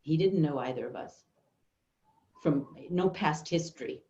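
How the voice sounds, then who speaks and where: Older-ish woman, workshop speaker, slow and thoughtful, lots of ums, lowish voice, roomy echo. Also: mellow, a little hiss or hum. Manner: unhurried, thoughtful, with many pauses and fillers. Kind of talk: storytelling talk. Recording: dull, echoey room recording.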